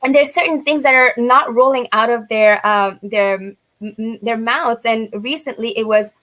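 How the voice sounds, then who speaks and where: A woman's voice: a little high, moderate pace, sharp tone. A woman guest speaking earnestly in a panel conversation, leaning on "you know" as she thinks aloud. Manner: earnest, filler-heavy with frequent "you know".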